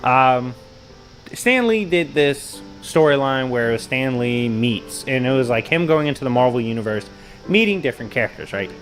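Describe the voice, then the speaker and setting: Animated man telling comic stories. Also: mid-range voice, moderate pace, soft background music, rough recording. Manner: animated and slangy, laughing at his own stories. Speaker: host. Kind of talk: casual comic-book storytelling.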